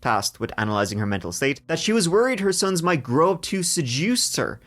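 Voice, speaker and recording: A man hosting a true crime podcast, telling the story in a lively way with jokes along the way. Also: a little high, a little fast. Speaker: podcast host.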